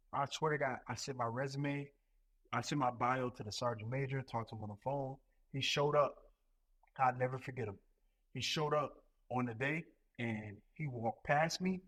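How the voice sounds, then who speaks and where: A man in his thirties, a Marine recruiting leader appearing as a podcast guest, tells stories in a profane, animated style full of repetitions. His voice is medium-pitched, the audio poor, and the talk a casual podcast chat.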